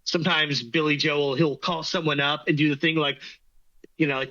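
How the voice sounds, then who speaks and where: A man's voice: a little high, fairly even intonation, moderate pace, bright, forceful tone, muffled recording. A man co-hosting a sports podcast, telling stories in a rambling, filler-heavy, self-deprecating way. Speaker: podcast co-host. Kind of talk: casual storytelling chat.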